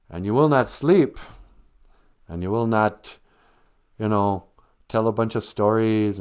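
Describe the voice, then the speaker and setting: A man's voice: mid-range voice, a little mellow, smooth, lightly acted. A man voicing a pompous, mean male school principal who scolds in a raised, sneering voice.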